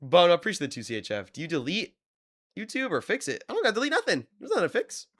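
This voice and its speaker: A man chatting casually with his viewers during a live game stream, telling stories with sudden excited bursts. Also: sits high, quick pace. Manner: excitable storyteller, talks to chat, loud bursts. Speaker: livestreamer. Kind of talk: casual live-stream chat while gaming.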